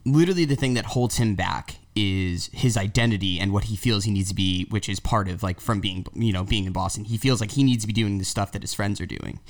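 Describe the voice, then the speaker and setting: Man, podcast guest, rambling, hesitant, low-ish voice. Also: a little fast, hardly any pauses. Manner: rambling, hesitant, lots of fillers. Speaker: podcast co-host. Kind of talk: casual podcast chat.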